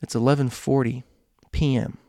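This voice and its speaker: A man telling a story casually, slowing and dropping to a hush at suspenseful moments with dramatic pauses. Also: medium pitch, level tone, no echo, studio quality.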